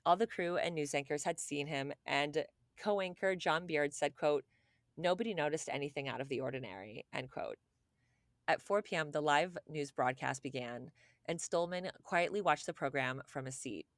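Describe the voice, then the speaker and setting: Animated, profane woman podcast host. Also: low-pitched, moderate pace, dry recording, studio quality. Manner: animated, profane, lots of "like", acts out quoted people. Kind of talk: casual chat, storytelling a true case.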